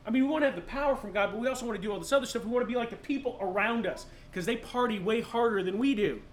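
A man's voice: high voice, very fast, slight background noise. A male pastor preaching a sermon in a casual way, with joking, sarcastic asides.

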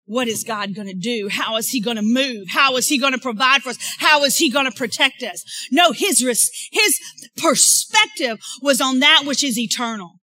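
Woman pastor, sermon delivery, bright and fairly high, swinging loud and soft. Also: normal speed, no echo, soft background music, poor audio.

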